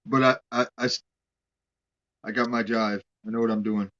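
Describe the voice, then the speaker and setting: Stream guest, male, bright voice, easygoing, heard over dull lo-fi call audio. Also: lowish voice, level tone, normal speed. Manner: laid-back, says "dude" a lot. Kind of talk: casual chat.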